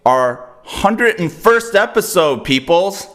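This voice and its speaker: A man's voice: sits high, animated, slow pace, fairly bright tone. A man on a video call podcast, joking around in playful, casual banter. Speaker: podcast panelist. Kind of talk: casual chat.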